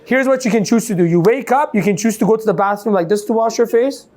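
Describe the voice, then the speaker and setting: High-voiced and fast-paced, this motivational coach runs an energetic seminar. He tests the live audience with "yes or no?" questions and performs examples for them.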